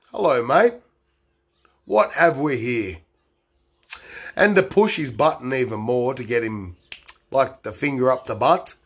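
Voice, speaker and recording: Slow, rambling man. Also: medium pitch, husky. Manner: meandering, filler-heavy, swings between loud and murmured. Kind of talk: rambling improvised storytelling.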